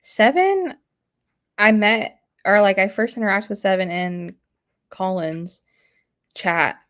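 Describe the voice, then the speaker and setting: A woman's voice: medium pitch, takes it slowly, a bit bright. A woman hosting a casual stream chat, reading out viewer comments. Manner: chatty, reads out viewer comments. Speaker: stream host.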